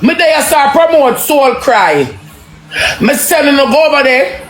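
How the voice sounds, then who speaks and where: A high-pitched Jamaican woman streams live, loud and laughing as she circles back over the same words. Her voice rings in an echoey room with a faint hum of noise behind it. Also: expressive, measured pace.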